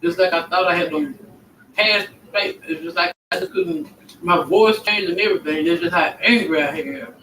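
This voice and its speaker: A man's voice: high-pitched, normal speed, bright, forceful tone. A man on a livestream telling a story at length, rambling and indignant. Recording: distant echoey mic with faint background noise.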